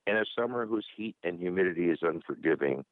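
Very deep older man on a phone line. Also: lively intonation, fast talker, dry recording. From Michigan, USA. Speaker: caller reading his poem. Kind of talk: poetry reading.

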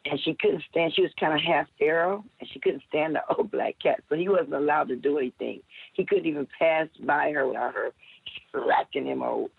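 Husky woman poet on a phone line. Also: moderate pace. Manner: chatty with laughs, then dramatic shifts in pitch while reciting. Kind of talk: anecdote then spoken-word poem reading. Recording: tinny phone-like radio line.

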